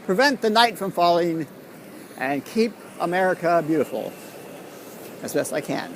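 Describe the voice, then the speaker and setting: A man's voice: fairly high pitch, animated, moderate pace, fairly bright tone, slight background noise. A man walking outdoors along a city street, delivering a profane, conspiratorial rambling monologue. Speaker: street vlogger.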